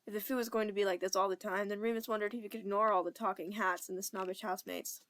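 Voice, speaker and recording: A young woman reads a fan audiobook aloud in a steady, plain storytelling voice. Her amateur narration keeps an even, simple delivery. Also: medium pitch, fast talker. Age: young adult.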